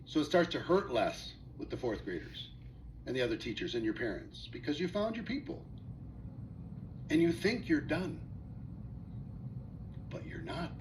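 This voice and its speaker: High-voiced man giving a motivational talk. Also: big pitch swings, moderate pace, long pauses, background noise. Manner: storytelling, acting out quoted voices, rhetorical questions to the audience. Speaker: network marketing speaker.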